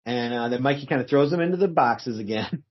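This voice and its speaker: A man's voice: medium pitch, expressive, quick pace, no room sound, muffled recording. A man co-hosting a casual comic book review show, joking and chuckling as he comments on the story. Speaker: podcast co-host.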